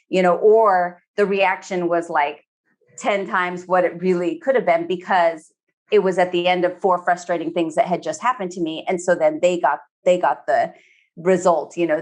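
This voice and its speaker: A woman therapist talking in a relaxed podcast conversation, filling her speech with "you know" and slipping into quoted voices. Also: on the low side, normal speed. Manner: chatty, many fillers, acts out quoted speech.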